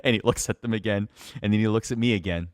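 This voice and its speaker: Speaking fast in a lowish voice, this man is a wrestling announcer guesting on a podcast. He tells stories in a lively, casual way, laughing a lot and using many fillers, captured in studio quality with no echo.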